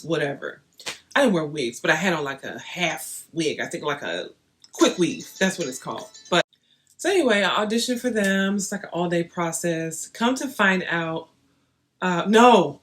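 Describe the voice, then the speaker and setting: A young woman vlogging, chatting straight to her viewers in an animated, storytelling way. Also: on the low side. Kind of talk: casual storytelling to camera.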